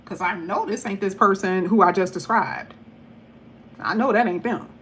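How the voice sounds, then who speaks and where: A woman giving a casual tarot reading to camera, talking in a chatty, blunt way with animated asides. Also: mid-range voice, normal speed, a little hiss or hum. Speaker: tarot reader.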